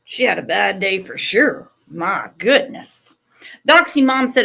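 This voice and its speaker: A woman hosting a true-crime channel, giving slow, measured commentary and lingering on sympathetic remarks. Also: medium pitch, lively intonation, vocal fry, bright, forceful tone.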